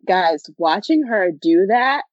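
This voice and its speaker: Slow and animated, a young woman with a mid-range voice co-hosts a podcast. She's relaxed and jokey in the casual chat, dropping swear words easily, and the sound is dull, lo-fi and dry.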